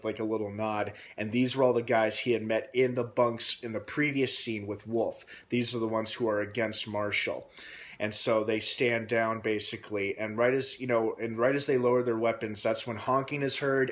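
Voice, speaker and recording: Rambling male TV recap vlogger. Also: medium pitch. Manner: rambling, with many fillers. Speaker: TV episode reviewer. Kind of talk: casual recap vlog.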